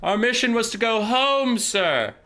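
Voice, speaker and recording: A man voicing a stranded, exasperated elf warrior who talks in a high, sarcastic voice. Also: sing-song, a little slow, sharp tone, heavily acted. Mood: incredulous.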